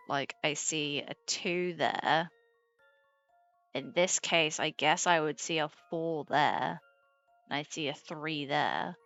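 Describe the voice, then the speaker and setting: Brief: casual British woman streamer, lowish voice, swears a lot, dull lo-fi mic. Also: a bit bright, dry recording. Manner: chatty, swears freely, laughs with chat. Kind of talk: casual game stream chat. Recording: slightly dull sound with faint game music.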